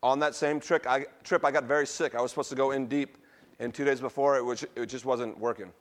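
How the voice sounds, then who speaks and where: A middle-aged male pastor delivers a sermon in an easy, conversational voice of medium pitch. He tells personal stories, trips over his words now and then, and laughs at himself. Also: steady tone, fast talker.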